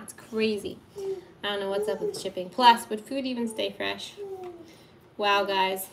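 A woman's voice: mid-range voice, normal speed, vocal fry, slight background noise, poor audio. Chatty woman baking amid kitchen clatter. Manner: chatty, laughing, self-deprecating. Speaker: livestream baking host. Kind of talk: casual livestream chat while baking. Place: home kitchen. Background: clattering dishes, pots and pans.

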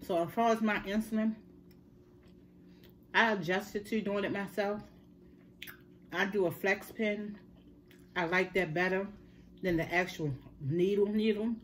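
A middle-aged woman talks straight to her viewers in a relaxed, earnest way, calling them y'all as she tells her story. Her pitch sits in an ordinary middle range. A faint hum runs behind her voice. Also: a little slow, long pauses. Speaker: mukbang vlogger. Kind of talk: casual chat to viewers.

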